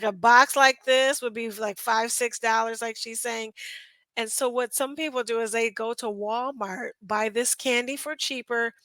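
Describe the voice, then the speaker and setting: Bright high-voiced woman chatting. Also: no echo, low-quality recording. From northern United States. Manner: chatty, laughing asides, talks to viewers. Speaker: reaction video host. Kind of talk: casual chat to camera.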